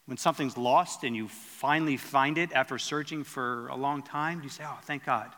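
A man's voice: mid-range voice, moderate pace, bright, forceful tone, long reverb tail. A man preaching a sermon in an earnest teaching tone, stumbling and restarting as he explains the verses.

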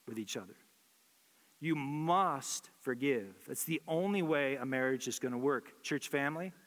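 Earnest pastor preaching in a reverberant hall. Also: male voice, fairly high pitch, a bit bright. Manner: earnest, repeats phrases for emphasis. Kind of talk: sermon.

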